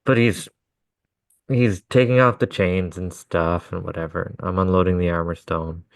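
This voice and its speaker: Deep-voiced man telling stories. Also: steady tone, normal speed, gravelly, no room sound. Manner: swearing, acts out quotes. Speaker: podcast co-host. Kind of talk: casual storytelling.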